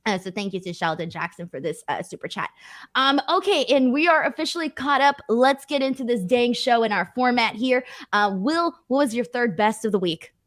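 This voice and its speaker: Woman host, a touch high-pitched, chatty and laughing, reads fan messages. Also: animated, moderate pace, fairly bright tone. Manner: chatty, laughs easily, self-correcting. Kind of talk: casual chat, reading super chats aloud.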